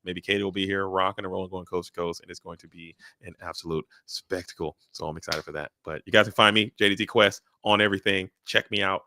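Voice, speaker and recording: With a deep, bright, forceful voice, a man co-hosts a game tournament livestream, talking fast with vocal fry, few pauses and fairly even intonation. He hypes upcoming events with upbeat catchphrases in casual commentary, and the recording has no room sound.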